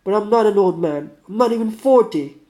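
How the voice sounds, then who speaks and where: A man voicing a bitter, sickly male metalworker under forty in a put-on Russian accent, loud and snappish. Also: high voice, lively intonation, a little fast, voice pushed up. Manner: snappish, raised, belligerent.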